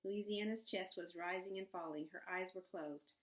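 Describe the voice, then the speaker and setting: A woman reading a children's novel aloud in a measured, expressive narration. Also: on the low side, rough recording. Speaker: audiobook narrator. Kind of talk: scripted narration.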